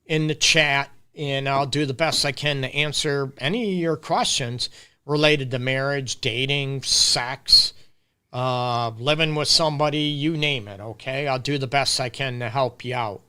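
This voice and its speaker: Bright-voiced male relationship counselor. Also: medium pitch, a little slow, clear, resonant tone. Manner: casual, emphatic, addresses viewers directly. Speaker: relationship counselor hosting a live Q&A. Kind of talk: live-stream advice talk.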